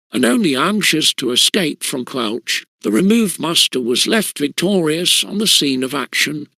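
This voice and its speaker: A man reading a classic schoolboy story aloud in measured, steady narration. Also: a little high, creaky, no room sound. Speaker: audiobook reader.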